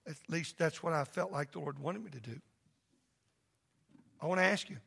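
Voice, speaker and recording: A man who is a pastor preaching a sermon in a church, impassioned and loud at first, then soft and pleading. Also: on the high side, normal speed, vocal fry, husky. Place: church sanctuary.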